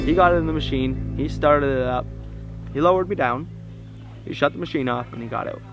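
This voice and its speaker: A man with a gravelly, creaky edge recalls events for a documentary interview. He tells it calmly and plainly, sometimes trailing off, at a middling pitch. Faint music sits underneath. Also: moderate pace, dull audio. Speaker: protester recounting events.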